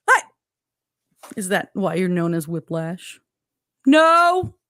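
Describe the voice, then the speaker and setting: A woman's voice: on the low side, very animated, slow pace, bright, forceful tone. A woman hosting a casual livestream chat, reading viewer comments aloud and laughing often. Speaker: host.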